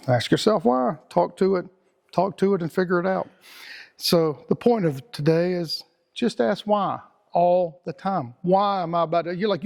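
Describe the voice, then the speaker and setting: In a high-pitched voice, a middle-aged man with a Texan accent hosts a loose, rambling motivational talk, using slang and repeating himself.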